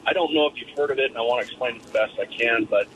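A man's voice: medium pitch, very fast, fairly bright tone. A man calling in to a radio show, hesitantly and carefully explaining his question. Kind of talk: call-in question on air. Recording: dull phone line with faint noise.

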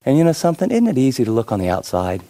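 A man pastor preaching a sermon, telling stories in an animated way with frequent fillers. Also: medium pitch, rapid-fire.

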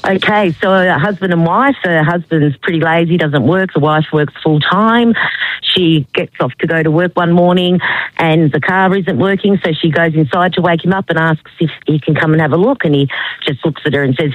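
A woman's voice: low voice, a little fast, no echo. An Australian woman in her forties, calling a radio show and telling a joke in a chatty storytelling way. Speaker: caller. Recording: muffled dry phone line.

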